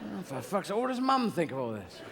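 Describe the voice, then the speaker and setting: A man's voice: high-pitched, huge pitch swings, fairly quick, gravelly, over a noisy crowd, full character voice. A man voicing Jesus as a grown son who pesters and complains to his father, with a long echo and background noise around him. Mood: whining. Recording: live hall with long reverb and noise.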